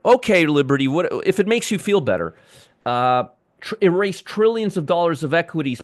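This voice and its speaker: A man's voice: fairly high pitch, big pitch swings, normal speed, dry recording, studio quality. A man in his fifties hosting a livestream market commentary, ranting with sarcasm and exasperation.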